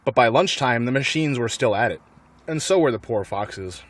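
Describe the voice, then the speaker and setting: A man reading a children's book aloud in an animated way, with light laughs. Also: mid-range voice, normal speed, no echo. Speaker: narrator.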